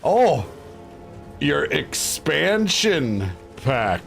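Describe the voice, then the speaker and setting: A man's voice: a little high, very animated, drawn-out words, creaky, fairly bright tone, faint music behind. A man streaming live and chatting casually with his viewers, blunt and crude, joking and ranting. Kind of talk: casual livestream chat.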